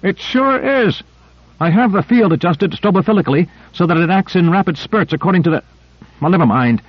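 A man voicing an excitable male scientist who talks with boyish eagerness, in an audiobook reading. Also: fairly high pitch, fast talker, no room sound, voice pushed up, natural voice. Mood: excited. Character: excitable male scientist running the air supply. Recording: dry, slightly dull lo-fi.

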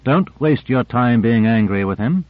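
A man's voice: medium pitch, lively intonation, measured pace, dry recording, phone-quality sound, lightly acted. Male reader playing sardonic probing man, sly, dry phone-thin audio.

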